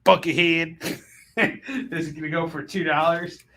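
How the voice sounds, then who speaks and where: Man, bright forceful voice, a bit high, joking sales patter. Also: measured pace. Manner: jokey, punning sales patter. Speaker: comic book seller. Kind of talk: live sales stream.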